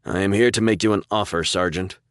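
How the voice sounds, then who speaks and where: A man's voice: sits low, steady tone, clean tone, no room sound, studio quality, voice pushed up, lightly acted. A man voicing a composed elderly male interrogator who speaks plainly and evenly. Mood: cool measured. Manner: plain, measured.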